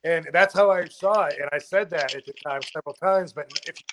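A man's voice: on the high side, a little fast, fairly bright tone, slight background noise. A man of about fifty chatting as a podcast guest, rambling with many fillers and restarts. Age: 50s. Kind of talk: casual podcast chat.

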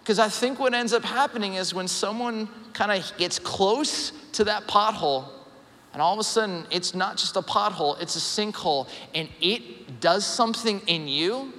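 High, bright-voiced preacher in a hall. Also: male voice, moderate pace. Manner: animated, acts out quoted voices in a lower tone. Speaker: pastor. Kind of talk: sermon. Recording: live sermon in a reverberant hall.

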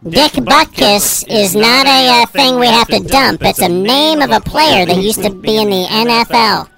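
A radio co-host heard through a pitched-up chipmunk voice filter, reading out birthdays with crude jokes in casual morning show banter. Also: expressive, normal speed, gravelly, over music.

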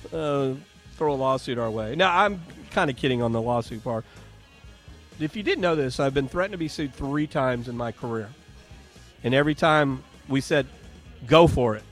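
Chatty male radio host reading ads. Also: on the high side. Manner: chatty, joking, salesy. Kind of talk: live radio talk with ad reads. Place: home and garden show, broadcasting live.

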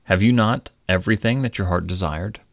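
Magical stranger, calm and wise, measured questions, low voice, voiced by a man. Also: creaky, no room sound, clean studio sound. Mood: probing. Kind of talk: storybook reading.

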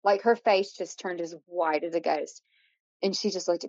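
A woman in her late thirties tells a frightening story from her youth as a podcast guest. She talks in an animated way, acting out what people said and filling gaps with "like" and "you know". The audio is dull and lo-fi, with a dry, close sound. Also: on the low side, normal speed, dry recording. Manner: animated storytelling, acts out quotes, many fillers. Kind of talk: recounting a paranormal story.

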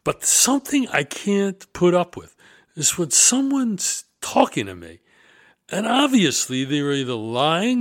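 A man's voice: a little high, wildly swooping pitch, unhurried, a bit bright. A middle-aged man telling stories in a casual chat, emphatic and indignant, his voice rising and falling. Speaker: show guest or co-host telling stories.

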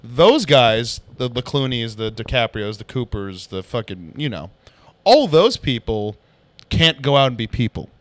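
A comedian guest telling animated stories in a casual podcast chat, with frequent swearing. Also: male voice, medium pitch, unhurried, dry recording. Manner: animated storyteller, swears a lot.

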